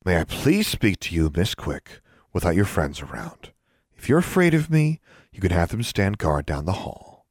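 Guy doing a smug teen wizard boy, low voice, condescending drawl, dry. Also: animated, quick pace, no room sound.

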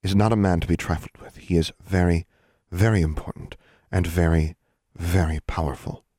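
A man voicing a stern female school dean in an audiobook, speaking quietly and earnestly. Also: sits low, steady tone, moderate pace, no room sound, clean studio sound.

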